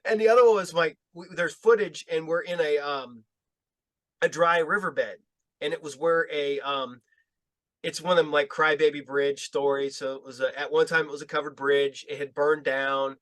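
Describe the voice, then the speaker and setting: A man with a fairly high voice spins loose, profane stories, laughing often and getting animated as he acts out what people said. The sound is close and dry, with no room around it. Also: normal speed, no room sound. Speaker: guest filmmaker. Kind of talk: casual storytelling chat.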